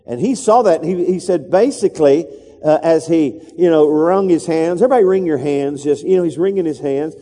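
A man preaching a sermon in a large church, his voice mellow and a touch high. He leads call-and-response lines with the congregation and bursts into sudden high voices to act out the scenes he describes. Long reverb hangs after his words. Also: brisk. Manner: acts out quoted voices with sudden high-pitched outbursts. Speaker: pastor.

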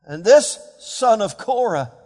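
A man preaching a sermon as a pastor, swinging between hushed, quiet passages and louder emphatic ones. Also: sits high, big pitch swings, slow pace, big-room sound. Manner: dynamic preaching, dropping to hushed tones and rising for emphasis.

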